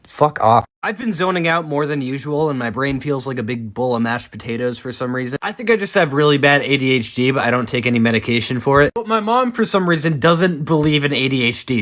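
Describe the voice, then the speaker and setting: A man's voice: mid-range voice, animated, a bit bright. Self-mocking young man riffing to camera. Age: 20s. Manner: self-deprecating, rambling, quick asides. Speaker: TikTok creator. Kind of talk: casual comedic monologue.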